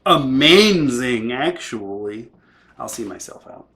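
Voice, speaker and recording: A man's voice: mid-range voice, lively intonation, normal speed. A chatty man narrating a board game unboxing in a casual, self-deprecating way, often correcting himself mid-sentence.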